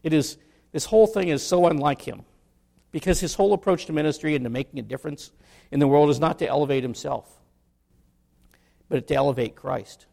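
A pastor preaching a sermon to his congregation, his voice a little higher than most men's and noticeably gravelly. He moves between earnest teaching and playful, humorous asides. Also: a little mellow.

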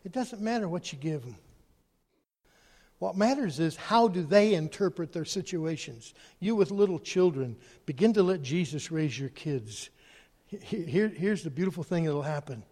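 A man preaching a sermon, animated, swinging between loud emphasis and quiet, hushed asides. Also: on the high side, normal speed. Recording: long hall reverb.

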